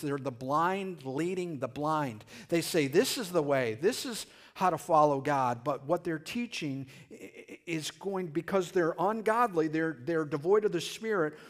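A man preaching a sermon in a conversational way, often restarting phrases and now and then breaking into loud shouted lines. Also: fairly high pitch. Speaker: pastor.

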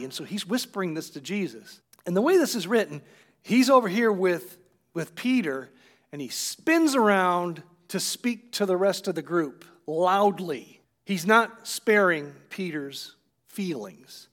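A man's voice: high voice, animated, a little slow, fairly bright tone. A man preaching a sermon, retelling scripture with acted quotes and putting questions to his listeners. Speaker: pastor.

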